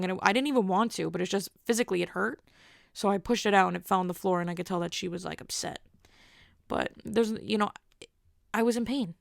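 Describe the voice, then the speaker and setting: Gravelly-voiced young woman rambling. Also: mid-range voice, no echo, studio quality. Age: 20s. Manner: rambling, lots of "like" fillers. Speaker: podcast host. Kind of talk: casual monologue.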